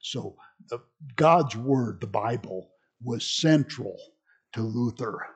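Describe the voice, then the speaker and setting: A man's voice: mid-range voice, animated, slow, vocal fry, husky. A man teaching a church history class in a conversational lecture style, full of fillers and restarts.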